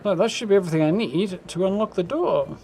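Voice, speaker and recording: A man streaming a game live, commenting in relaxed, musing asides and thanking viewers. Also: sits high, fast, creaky. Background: game sound and music.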